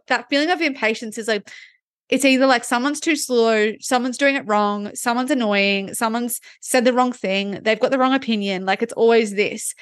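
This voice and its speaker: A woman with a fairly high voice co-hosts a wellness podcast, working through her thoughts out loud. She peppers her talk with "like" and keeps the tone casual. The sound is dry and close. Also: dry recording. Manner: reflective, talks through ideas with frequent "like". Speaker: podcast co-host.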